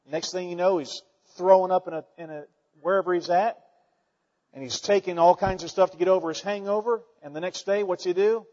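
A man preaching a folksy, animated sermon to his church, swinging between loud declarations and quiet asides. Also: sits high, fairly quick. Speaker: pastor. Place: church sanctuary. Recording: dull sound with long hall reverb.

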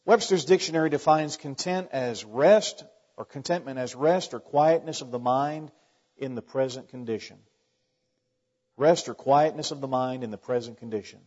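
A pastor preaching a sermon in a conversational way, asking the congregation rhetorical questions and adding joking asides. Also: male voice, mid-range voice, moderate pace, darkish tone. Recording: dull long reverb in a large hall.

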